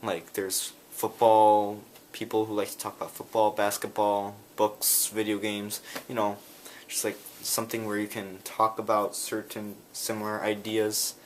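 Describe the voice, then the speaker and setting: Low-voiced man rambling in a vlog. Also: completely flat delivery, unhurried, slight background noise. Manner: rambling, talks in bursts. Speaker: vlogger. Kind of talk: casual storytelling vlog.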